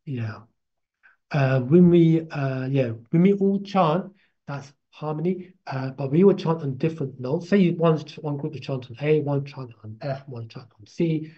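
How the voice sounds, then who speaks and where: Slow, husky man teaching a class. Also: a little high. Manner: slow, halting, repeats himself while explaining; chants drawn-out syllables to demonstrate. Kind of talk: casual spoken lesson. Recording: dull lo-fi recording.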